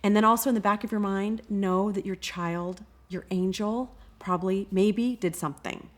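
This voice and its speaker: A woman who runs anti-bullying workshops, answering interview questions in an expressive way and often acting out quoted voices. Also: medium pitch, normal speed. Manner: expressive, acts out quoted kids and parents.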